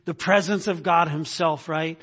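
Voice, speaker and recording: Guy preaching a sermon, kinda husky, keeps asking "right?", big echoey church sound. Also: a little high, fairly even intonation, unhurried, fairly bright tone. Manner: keeps checking in with the congregation with "right?". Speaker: pastor. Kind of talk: expository sermon. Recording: long hall reverb.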